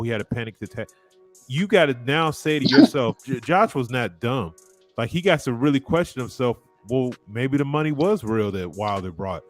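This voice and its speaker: A man co-hosting a casual boxing chat, arguing his point emphatically and calling people bro. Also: mid-range voice. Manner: emphatic, argumentative, says bro. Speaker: boxing podcast co-host. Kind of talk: casual fight-talk chat.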